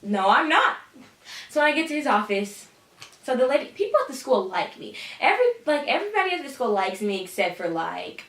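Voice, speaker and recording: A woman's voice: on the high side, big pitch swings, a little fast, fairly bright tone, recorded from a distance. A teenage girl tells a storytime vlog casually, with sass and dramatic asides. She sits a little back from the mic. The room around her sounds echoey. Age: teens. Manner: sassy, dramatic, says "honey". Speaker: vlogger telling a story.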